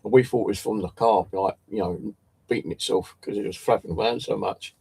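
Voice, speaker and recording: Gravelly man rambling casually. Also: fairly low pitch, a little fast, darkish tone, no echo. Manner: swears a lot, restarts and stumbles. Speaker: channel host.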